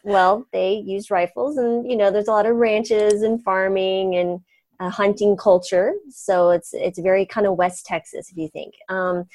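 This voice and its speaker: A woman in her forties, a physician guest, telling a story in an animated, chatty way with many fillers and laughs. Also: mid-range voice, a little slow, no echo. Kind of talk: conversational storytelling.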